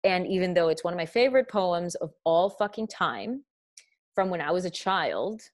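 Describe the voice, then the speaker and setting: A woman's voice: on the low side, lively intonation, moderate pace, dry recording, studio quality. A young woman hosting a podcast in casual chat, effusive and swearing freely, laughing often. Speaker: podcast host.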